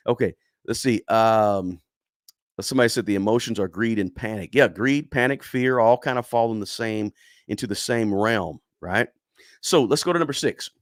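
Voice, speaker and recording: A man's voice: fairly low pitch, normal speed, no echo, clean studio sound. A middle-aged man hosting a casual livestream lesson, repeating points for emphasis and asking "right?" constantly while answering chat. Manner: repetitive, emphatic, tags lines with "right?"; chatty and encouraging toward viewers. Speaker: livestream host teaching investing.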